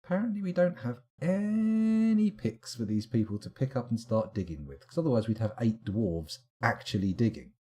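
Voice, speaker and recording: A man's voice: medium pitch, big pitch swings, normal speed, hardly any pauses, dark tone, slightly rough. A man giving live, casual commentary while streaming a game, rambling along with wry asides.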